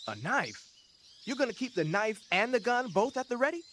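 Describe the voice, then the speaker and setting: A man's voice: extremely high pitch, normal speed, slight background noise, full character voice. An actor voicing an eager, curious young male tech expert on the radio in a video game. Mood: excited. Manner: curious, excitable. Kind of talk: game voice acting.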